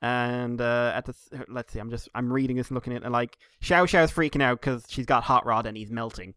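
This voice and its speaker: Smooth-voiced man on a podcast. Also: medium pitch, steady tone, brisk, a bit bright, no room sound, clean studio sound. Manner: rambling, laughing, with jokey quoted voices. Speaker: podcast co-host. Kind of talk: casual chat, recapping comics.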